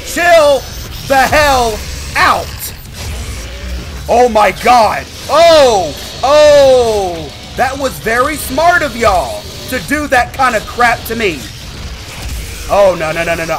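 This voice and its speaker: A man giving excited gameplay commentary as a gaming channel host, with loud, animated exclamations. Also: very high-pitched, takes it slowly, music in the background.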